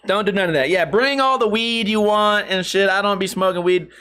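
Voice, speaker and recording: High-voiced man telling a rambling story. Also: fairly quick, sharp tone, clear, resonant tone. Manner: swearing, laughing, rambling. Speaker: podcast host. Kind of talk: casual storytelling monologue.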